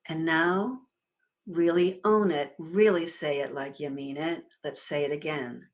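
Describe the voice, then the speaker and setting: A woman minister giving a sermon in a conversational, expressive way, swelling and dropping her volume and leading the congregation in repeating words together. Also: sits low, measured pace. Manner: expressive with sudden swells and drops in loudness.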